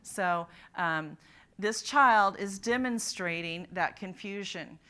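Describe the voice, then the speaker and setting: Bright, crisp woman giving a phonics workshop. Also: mid-range voice, slow. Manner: demonstrates speech sounds and asks the audience to join in. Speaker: literacy presenter. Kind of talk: conference presentation. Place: conference room.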